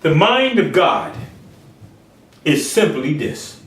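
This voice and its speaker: A man's voice: fairly high pitch, sing-song, slow pace, a bit bright, roomy sound, recorded from a distance, poor audio. A man preaching a sermon, acting out quoted speakers in changing voices. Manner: acts out biblical quotes in shifting voices.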